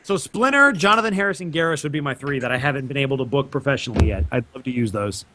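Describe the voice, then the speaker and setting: A man's voice: medium pitch, animated, bright, forceful tone, slight background noise. A young man, a voice actor, chatting casually and playfully, often slipping into impressions. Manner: playful, quick to slip into impressions. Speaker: voice actor guest.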